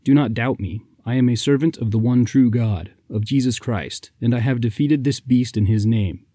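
A man as a calm, devout knight. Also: medium pitch, dry recording, studio quality, lightly acted. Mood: proclaiming. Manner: calm, measured, solemn. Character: calm, devout young knight, steadfast and reassuring.

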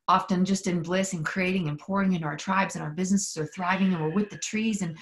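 A fast-talking woman with a lowish, steady voice leads a guided spiritual session from her mountain home. The workshop leader sounds sincere and intimate, curses freely, and directs prayer in a call-and-response style.

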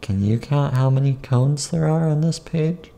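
A man's voice: on the high side, normal speed, vocal fry, dark tone. A man reading his own children's picture book aloud in a playful, sing-song way, chanting silly rhymes and adding asides about the pages.

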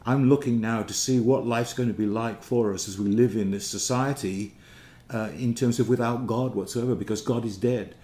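A man's voice: mid-range voice, fairly even intonation, normal speed, mellow, lightly acted. A man telling of an earnest seeker in a market. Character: frustrated man in a market searching for God. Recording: roomy echo.

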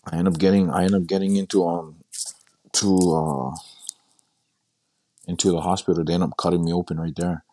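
A young man casually telling a personal story in a halting way, often repeating himself and quoting what he said. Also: low voice, steady tone, mellow. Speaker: guest sharing his story.

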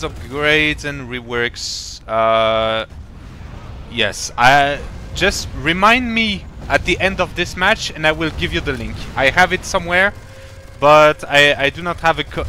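A man's voice: on the high side, a little slow, bright, forceful tone, a little hiss or hum. A man commentating a strategy game live, explaining in a rambling, playful way with many fillers and restarts. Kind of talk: casual live-stream commentary.

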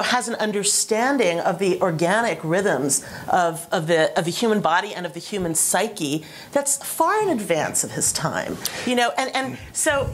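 A woman's voice: on the high side, slight background noise. A woman speaking as a panelist at a roundtable discussion, talking animatedly and eager to jump in.

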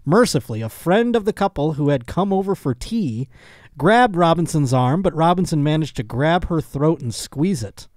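A man's voice: on the high side, animated, moderate pace, a little mellow, no echo. A man hosting a casual comedy podcast, reading news stories aloud and breaking off for jokey asides. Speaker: podcast host.

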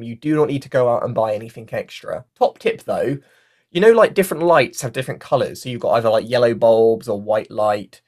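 A workshop facilitator giving a casual online lesson, talking into a mic with a fluffy cover and often using fillers like "like" and "you know". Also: mid-range voice. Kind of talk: casual online workshop teaching, reading out chat comments. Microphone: mic with a fluffy foam cover.

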